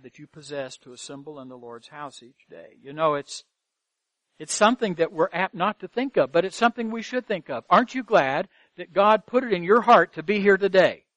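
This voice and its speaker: High-voiced earnest man preaching. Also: animated, normal speed, fairly bright tone, no room sound. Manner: earnest preaching, rhetorical questions, repeats phrases for emphasis. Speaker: pastor. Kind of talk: sermon. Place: church sanctuary.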